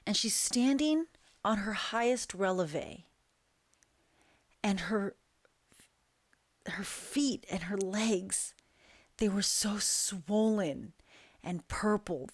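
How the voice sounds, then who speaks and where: Slow, hushed woman telling a dark story. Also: mid-range voice, no echo. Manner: slow, hushed, deliberate with long pauses. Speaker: guest storyteller. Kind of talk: dramatic personal storytelling.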